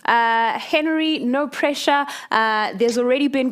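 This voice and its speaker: A woman moderating an online panel discussion, with many drawn-out fillers between phrases. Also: high voice, fairly bright tone.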